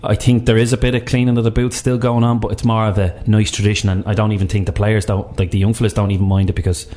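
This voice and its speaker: A man co-hosting a sports radio show, chatting in a fast, rambling, jokey way. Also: on the low side, flat delivery, mellow. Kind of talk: casual sports radio chat.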